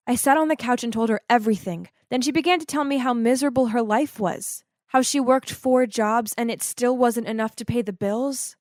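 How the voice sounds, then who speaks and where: A woman narrating an animated storytime in a dramatic, emotive way. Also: moderate pace, no echo, studio quality. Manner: emotive and dramatic, swings to high exclaims.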